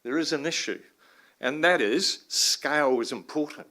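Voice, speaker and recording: A man's voice: on the high side, moderate pace. A man from New Zealand with an Australian accent, giving an informal, joking conference talk in a large room as a river science professor. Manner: joking, informal, swears mildly, bursts into laughing loud asides.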